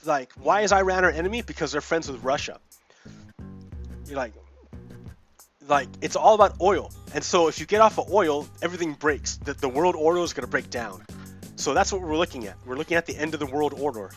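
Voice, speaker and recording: Hosting a let's play video, a man rants heatedly about politics while gaming, swearing a lot and repeating himself. His voice is a little high and a little fast, with lively intonation. Faint music plays behind him.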